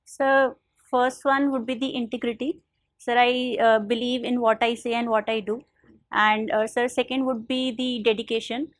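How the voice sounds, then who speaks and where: Polite young Indian woman, higher voice. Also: level tone, moderate pace, dry recording. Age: young adult. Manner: polite, addresses the panel as sir, frequent uh fillers. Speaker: interview candidate. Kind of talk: formal mock interview answers.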